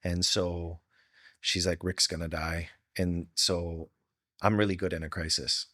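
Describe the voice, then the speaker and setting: A man's voice: deep voice, flat delivery, unhurried, a bit bright, no echo, clean studio sound. A middle-aged man from Hawaii, a podcast guest telling personal stories in an earnest, heartfelt way with casual slang. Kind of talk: candid storytelling.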